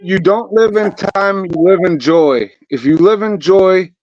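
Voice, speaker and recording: Brief: high-pitched male host, casual rambler, dry and dull lo-fi sound. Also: unhurried, a little mellow, no echo. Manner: rambling, repeats words. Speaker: podcast host. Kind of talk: casual chat.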